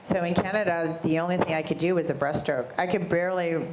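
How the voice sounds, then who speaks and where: A middle-aged woman, a guest in an interview, telling her story in a casual, animated way and acting out the voices of people she quotes. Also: lowish voice, brisk. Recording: roomy echo with faint ambient noise.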